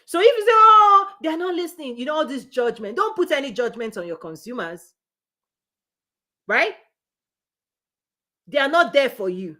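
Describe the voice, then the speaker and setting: A woman's voice: fairly high pitch, sing-song, moderate pace, pauses often. A woman business coach giving a motivational live-stream talk. She speaks in an emphatic, repetitive preaching cadence and laughs between her points.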